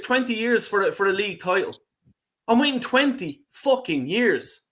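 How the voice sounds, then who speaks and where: A man's voice: sits high, lively intonation, moderate pace, fairly bright tone. A man hosting a fan panel stream, talking heatedly and swearing, with frequent fillers. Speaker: host.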